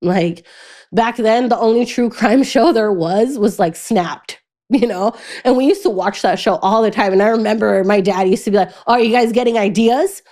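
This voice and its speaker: A young adult woman with a mid-range voice, appearing as a podcast guest, candidly tells a painful personal story. She halts and restarts often and falls silent at the hardest moments.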